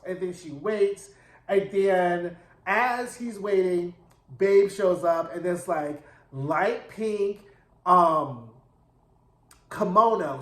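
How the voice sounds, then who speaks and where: Man, high voice, sassy slangy recap chatter, animated, roomy echo. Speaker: TV episode reviewer. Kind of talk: casual recap commentary.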